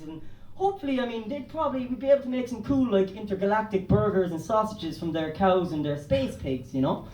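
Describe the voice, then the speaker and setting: A man's voice: high-pitched, sing-song, moderate pace, a little hiss or hum. An Irish man doing a stand-up comedy set, rambling loosely and swearing. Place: comedy club stage. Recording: roomy club, distant mic.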